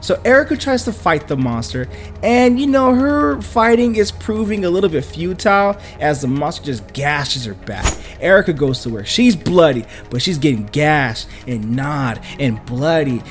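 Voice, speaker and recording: A casual comic book recapper tells the story in loose slang and throws in jokes. The voice swings widely in pitch, with faint music playing behind. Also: moderate pace. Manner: slangy, animated, jokey.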